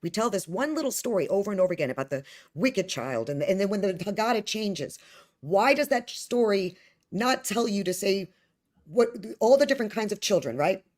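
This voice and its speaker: A woman's voice: medium pitch, big pitch swings, brisk, darkish tone. A woman from the United States, a guest scholar in a discussion, who talks discursively and asks rhetorical questions. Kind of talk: conversational discussion.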